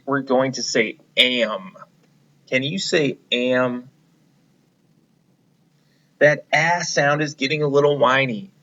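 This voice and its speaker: A man leads young children through a reading lesson, slow and encouraging as he takes them step by step. His voice is bright and clear, though the audio is a little dull and lo-fi. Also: mid-range voice. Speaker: teacher.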